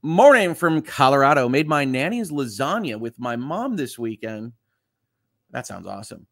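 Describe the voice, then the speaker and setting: A man's voice: medium pitch, sing-song, normal speed, vocal fry, fairly bright tone, dry recording, studio quality. A man who is a lawyer, hosting a casual live stream and reading viewer comments aloud in a chatty way, with lots of fillers. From Southeast Michigan.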